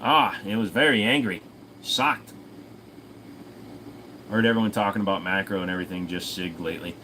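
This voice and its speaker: A man's voice: sits low, normal speed, pushed and bright, slight background noise, low-quality recording. A man hosting a casual livestream Q&A, reading out viewer comments and answering them in an offhand, profane way. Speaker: host.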